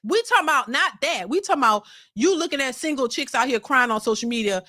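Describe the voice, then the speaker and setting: A woman hosts a casual reaction commentary with a high, bright-pitched voice. She rants emphatically and profanely, often stumbling and repeating words. The sound is dry and close. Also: lively intonation, fast, no room sound. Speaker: host.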